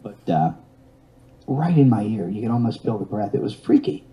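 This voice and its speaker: Mellow-voiced man in his fifties spinning a yarn. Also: fairly low pitch, expressive, moderate pace, poor audio. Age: 50s. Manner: rambling with restarts and wry self-mocking humor. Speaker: guest telling a personal story. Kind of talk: storytelling in an interview.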